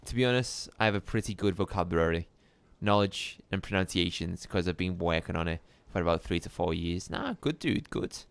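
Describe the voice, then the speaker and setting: A man streaming a live game playthrough, chatting with viewers in a relaxed, musing way. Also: low voice, fairly quick, gravelly, clear, resonant tone, no room sound. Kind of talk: live gameplay commentary.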